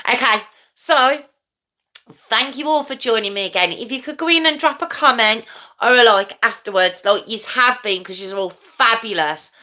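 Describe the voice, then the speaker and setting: A woman's voice: on the high side, normal speed, bright, forceful tone. A woman in her forties hosting a casual live stream, chatty and rambling, teasing herself and answering viewer comments.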